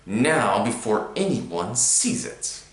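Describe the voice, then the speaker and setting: A man voicing a furious, bullying middle-aged uncle, snarling and barking with a croaky edge. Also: mid-range voice, wildly swooping pitch, normal speed, fairly bright tone, pitched above the performer's own voice. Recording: roomy echo.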